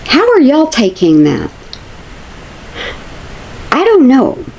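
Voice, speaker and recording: A woman's voice: sits high, wildly swooping pitch, takes it slowly, vocal fry, a little mellow, slight background noise. A woman, chatting casually to her viewers as a commentary vlogger, repeating herself for emphasis.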